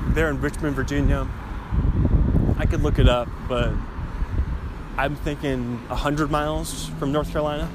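A young man chatting casually in a rambling, self-amused way while sitting in his car at an intersection. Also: medium pitch. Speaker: vlogger. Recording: street traffic noise behind.

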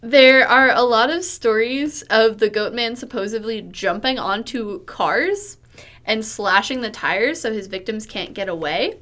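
A woman's voice: on the high side, unhurried, a bit bright. Giggly woman sharing spooky facts. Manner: giggly, relays facts eagerly. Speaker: podcast co-host. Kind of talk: casual chat, reading out story research.

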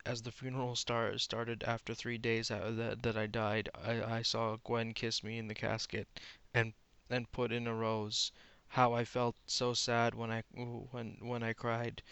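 A man reads a piece of fan fiction aloud in a smooth, clear voice, tripping over words and restarting lines as he goes. His tone stays fairly flat, and the dry sound has no room echo. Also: mid-range voice. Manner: halting, stumbling reading with many restarts. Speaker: reader.

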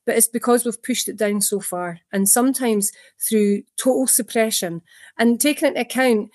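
A woman therapist talks through her ideas in an interview, with lively storytelling and acted-out quotes. Her voice sits a little high, and the close recording is dry with no room echo. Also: normal speed. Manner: animated storytelling, acts out quotes, many restarts. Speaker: trauma therapist. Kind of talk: interview, explaining at length.

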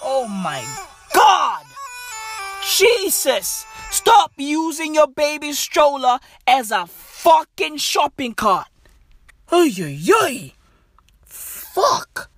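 A woman's voice: high-pitched, big pitch swings, extremely slow, a bit bright, faint music behind. A young woman doing a comedic character monologue, ranting to herself in profane slang.

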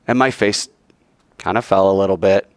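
Speaking in a low voice at a moderate pace with no echo, a man gives an informal Bible class as a sermon. His storytelling is lively, and he acts out what the people in his tales say.

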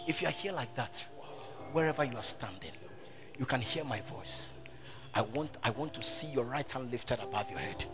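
Impassioned pastor, hushed to shouting. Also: male voice, mid-range voice, lively intonation, moderate pace, big-room sound, over music. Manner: swings from hushed prayer to shouted appeals. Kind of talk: prayer and altar call. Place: church service with music behind.

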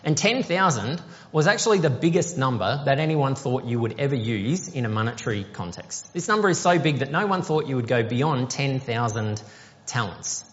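A man preaching a sermon, explaining a parable conversationally and asking the congregation questions. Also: mid-range voice. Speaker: pastor. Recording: dull sound with long hall reverb.

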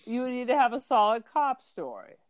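A woman's voice: a little high, big pitch swings, moderate pace, crowd noise. A woman co-hosting a podcast in casual chat, full of wry, sarcastic quips. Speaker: podcast co-host.

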